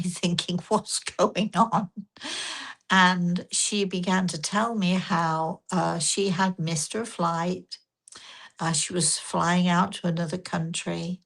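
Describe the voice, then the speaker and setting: An older woman, a spiritual medium and host, telling a story in a gentle, rambling way with frequent restarts. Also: on the low side, creaky. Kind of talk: casual storytelling talk.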